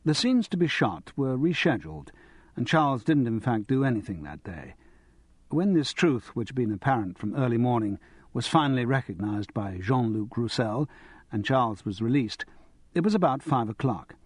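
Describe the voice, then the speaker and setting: A man narrating an audiobook in a wry, expressive manner. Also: mid-range voice, moderate pace, husky, no room sound.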